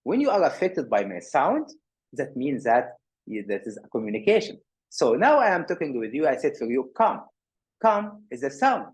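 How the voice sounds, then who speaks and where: A man giving a workshop lecture on physical therapy, animated, often repeating words and restarting. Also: medium pitch, moderate pace, husky. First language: Arabic.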